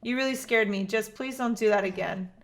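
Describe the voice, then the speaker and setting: A woman's voice: on the high side, brisk, lightly acted. Woman reading as a fretful doting dad. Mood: upset. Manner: fretful, rambling, self-mocking. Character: anxious doting single dad, middle-aged man. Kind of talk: reading a visual novel aloud.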